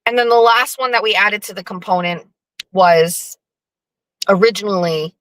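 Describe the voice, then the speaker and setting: A woman hosting her own show, telling a profane, animated story with sarcastic asides in a casual live-stream monologue. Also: mid-range voice, normal speed, no echo, low-quality recording. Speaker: show host.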